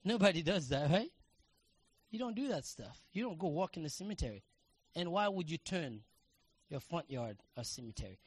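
A man preaching a sermon, telling everyday stories in a casual way and building to passionate shouts. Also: fairly high pitch, very animated, normal speed, slightly rough. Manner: conversational storytelling, rising to passionate shouting.

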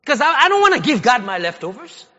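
A male pastor preaches in a church sanctuary, starting loose and conversational before building into forceful, shouted exhortation. His very high voice is sharp and bright, with big pitch swings and a fast pace, echoing through the reverberant hall on a slightly dull recording.

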